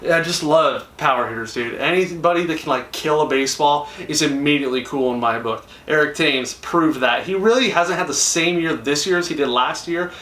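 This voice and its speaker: This young man talks to camera as a YouTuber, fast and with few pauses, his voice on the high side and slightly bright. He's enthusiastic and casual, acting out the lines he quotes, recorded on a distant mic in an echoey room, a little off-mic.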